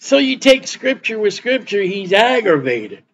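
A man's voice: high-pitched, big pitch swings, unhurried, lo-fi sound, a little hiss or hum. A man preaching a sermon as pastor, folksy and repetitive, reading scripture aloud between his comments. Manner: folksy preaching with repeated words and Bible reading.

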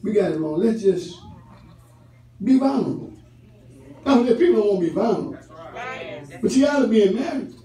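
Man pastor, high animated voice, unhurried sermon delivery, recorded from a distance in an echoey church. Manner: laughing, storytelling with call-and-response. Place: church sanctuary. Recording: roomy church hall, mic at a distance, congregation audible.

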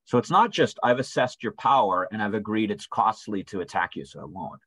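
A man's voice: lowish voice, expressive, brisk, a bit bright, breathy edge, no room sound, rough recording. A man leading a church Bible study in a conversational way, often asking "right?" and acting out quoted voices. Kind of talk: informal Bible study teaching. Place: church room.

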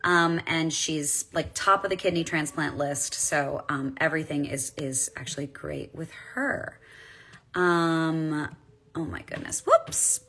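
A woman's voice: sits low, expressive, slow pace, sharp tone. A woman in her forties, a voice actress chatting casually on a live stream while signing autographs and reading fan comments aloud. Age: 40s.

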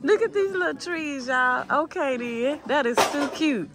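A vlogger films herself shopping in a discount clothing store, chatting casually with viewers and calling them "y'all." Her voice sits high and is animated, and she talks a little slowly.

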